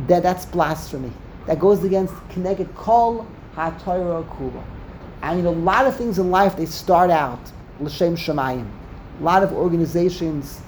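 Man, Torah teacher, Talmud discussion, animated, rhetorical questions, Hebrew terms. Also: sits high, a little hiss or hum.

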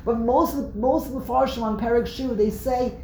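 Brief: woman religious teacher, slightly high voice, animated and repetitive delivery, roomy classroom echo. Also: brisk. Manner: animated explaining, frequent word repeats, answers student interjections. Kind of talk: text study class with students. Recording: roomy echo, faint background noise.

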